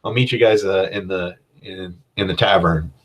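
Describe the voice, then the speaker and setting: A man's voice: deep voice, normal speed, rough recording. A man voicing a flamboyant, slightly shady male merchant rogue with a wandering fake European accent and an exuberant, theatrical manner. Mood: jovial.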